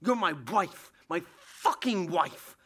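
An actor playing a jealous, drinking husband in a radio drama, sarcastic and biting, rising into fury. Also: male voice, high voice, lively intonation, takes it slowly, fairly bright tone, breathy edge, exaggerated voice. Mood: furious. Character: bitter jealous husband, drinking, middle-aged.

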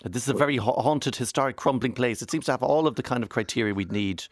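A man's voice: mid-range voice, quick pace, a crowd in the background. A man hosting a radio interview in the studio, playful and jokey, often cutting in with questions. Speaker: radio host.

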